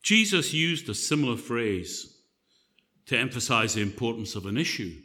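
Male preacher, bright conversational voice. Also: medium pitch, expressive, normal speed. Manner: conversational, joking storyteller. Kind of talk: sermon.

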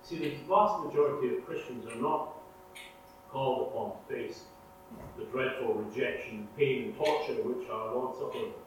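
Guy preaching, earnest and dramatic, goes loud then hushed, lots of echo, mic far away. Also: mid-range voice, moderate pace. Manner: earnest, dramatic shifts between loud emphasis and hushed prayer. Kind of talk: sermon. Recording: echoey room, mic far off, faint hum.

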